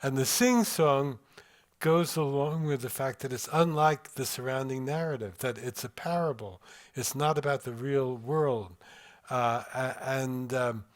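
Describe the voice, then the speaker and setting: An older man lectures to a room of listeners, with an unhurried, deliberate delivery. He pauses often to weigh his words and reads passages aloud with careful attention to their cadence. His voice sits at an ordinary middle pitch. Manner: measured, reflective, pausing over word rhythm. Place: room with a live audience.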